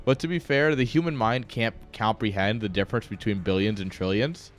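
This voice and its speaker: A lowish, fairly quick male voice comes through with faint music behind it. The speaker, an esports caster streaming a strategy game, rambles about unrelated things, makes self-deprecating jokes and chuckles at himself.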